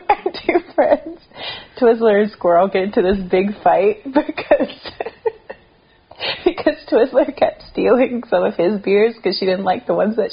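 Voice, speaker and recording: A young woman telling a lively story as a podcast guest, laughing often and swearing casually. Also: mid-range voice, vocal fry, slightly rough. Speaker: podcast guest, thru hiker. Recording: dull lo-fi sound.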